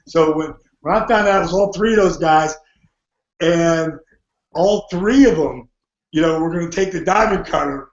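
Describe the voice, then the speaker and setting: A man's voice: on the high side, normal speed. A man guest on a podcast, telling a story with lots of energy, often laughing and acting out what people said. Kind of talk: animated storytelling. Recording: muffled, roomy audio.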